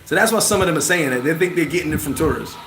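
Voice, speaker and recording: A man hosting a casual livestream, answering chat in an animated, slangy way and laughing often. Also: fairly high pitch, very fast. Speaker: channel host answering live chat. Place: bar. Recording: roomy with loud background noise.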